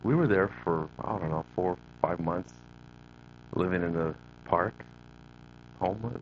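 A middle-aged man with a very low voice tells the story of his own childhood to a live audience. He speaks to them directly and acts out what he said as a boy. The sound is dull and lo-fi, with a faint hum underneath. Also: big pitch swings, fairly quick. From Northern California. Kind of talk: personal testimony to an audience.

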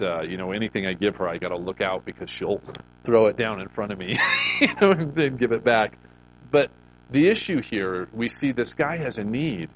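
A man's voice: lowish voice, slight background noise, poor audio. A male pastor preaching a sermon in a conversational, storytelling way, often restarting his phrases.

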